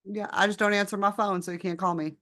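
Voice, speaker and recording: A woman's voice: medium pitch, steady tone, fast talker, a bit bright. A woman co-hosting a casual book-review podcast, rambling along with lots of "like" fillers. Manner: rambling, filler-heavy, laid-back. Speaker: podcast co-host.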